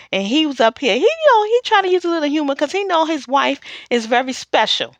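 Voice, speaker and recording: A woman with a fairly high voice recaps a TV episode for her channel. Her pitch swings widely as she jumps between commentary and acting out what the characters said. The sound is close and dry. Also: fairly quick, no room sound. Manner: chatty, animated, acts out characters' lines. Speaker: TV episode reviewer.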